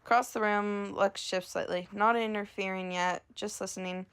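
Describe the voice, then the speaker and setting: A woman reading a story she is writing out loud at home, in a casual, self-amused way. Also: medium pitch, fairly even intonation, normal speed, clear, resonant tone. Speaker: amateur storyteller. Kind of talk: reading her own story aloud.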